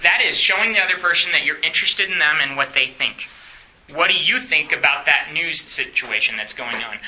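A man's voice: a little high, animated, brisk, sharp tone, low-quality recording. A man teaching a church class in a chatty way, often asking the room questions and laughing.

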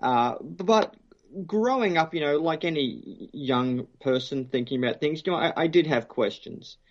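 A man's voice: a little high, measured pace, muffled recording. A man with an Australian accent, a guest theologian speaking casually in an interview, joking and full of fillers and restarts. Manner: relaxed, jokey, many fillers and restarts. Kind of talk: phone interview, casual conversation.

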